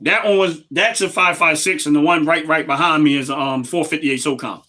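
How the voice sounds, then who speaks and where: A man's voice: a little high, moderate pace, bright, forceful tone. A middle-aged man, hosting a casual livestream and talking emphatically straight to his viewers. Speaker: livestream host.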